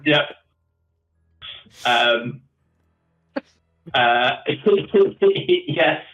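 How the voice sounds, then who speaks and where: A tabletop player speaks extremely slowly in an animated, slightly bright mid-range voice, going over what happened last session. It's a casual voice-call chat, hesitant and full of ums and restarts, and the audio sounds tinny, like a phone.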